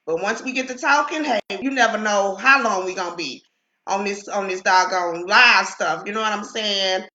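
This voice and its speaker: Middle-aged lady chatting live to her viewers, bright sharp tone, keeps coughing, computer mic. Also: mid-range voice, normal speed, roomy sound, highs cut off, a little hiss or hum. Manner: chatty, greets viewers by name, coughs and clears throat. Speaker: livestream host. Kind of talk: casual live-stream chat. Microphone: computer webcam mic.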